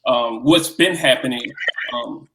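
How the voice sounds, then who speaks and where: A man's voice: medium pitch, a little slow, background noise. A man in a casual podcast discussion, speaking candidly and critically of himself.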